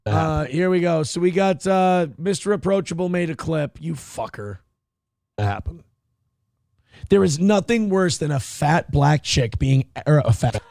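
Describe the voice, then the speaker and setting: A man in his thirties hosting a live show, talking in a loud, brash, mocking way with sudden yelled outbursts. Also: fairly high pitch, expressive, measured pace, vocal fry, no echo, clean studio sound. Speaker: livestream show host. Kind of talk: crude casual livestream commentary.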